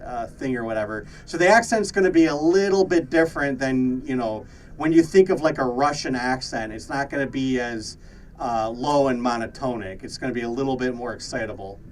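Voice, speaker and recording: A man's voice: medium pitch, a little fast, far from the mic, slight background noise, low-quality recording. A man co-hosting a podcast in casual chat, with lots of fillers and laughter. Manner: laughs often, many fillers and restarts. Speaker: podcast co-host.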